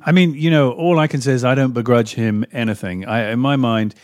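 Guy giving his take on football, measured, dry close mic. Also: mid-range voice, no room sound. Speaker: podcast guest. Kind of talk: casual football chat.

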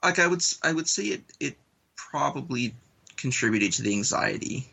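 A man's voice: mid-range voice, expressive, moderate pace, gravelly, bright, forceful tone, breathy edge. A man in an interview speaking bluntly and casually about his church upbringing. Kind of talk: candid personal recollection.

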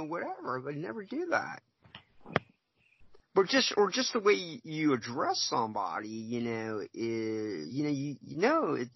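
A man's voice: medium pitch, slightly rough, no room sound, lo-fi sound. A man who scouts and formerly refereed, talking on a podcast in an emphatic way, repeating himself and acting out conversations. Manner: emphatic, repeats himself, acts out quoted exchanges. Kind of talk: podcast interview.

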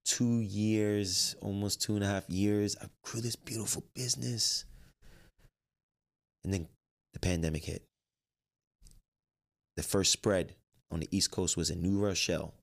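A man with a low, gravelly voice tells a personal story. He talks animatedly and acts out the conversations as he goes, with his own lines and everyone else's. The crackly fry in his voice stays through the whole story. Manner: animated, quotes himself and others in dialogue. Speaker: life coach and trainer.

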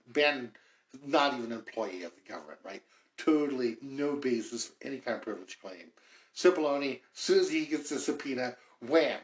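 A man hosts a podcast and gives casual political commentary at a middling pitch. He talks in a chatty, wry way and thinks aloud as he goes. His voice carries a noticeable roomy echo. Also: fairly bright tone. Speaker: podcast host.

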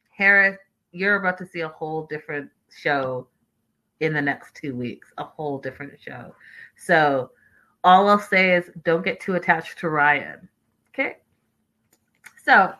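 Bright-voiced chatty woman livestreamer. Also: medium pitch, poor audio. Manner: chatty, animated, addresses viewers as y'all. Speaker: livestream host reading chat. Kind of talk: casual reality-show recap livestream.

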